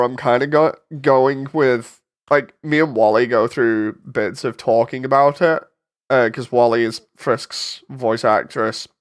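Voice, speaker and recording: Congested man rambling while editing. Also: mid-range voice. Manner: rambling, thinking aloud, with frequent fillers. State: congested from a cold. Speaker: 3D animator and channel host. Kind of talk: casual chat while editing.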